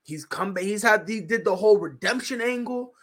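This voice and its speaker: A man co-hosting a podcast in casual chat, excitable, swinging from hushed mutters to loud outbursts. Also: sits high, brisk. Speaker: podcast co-host.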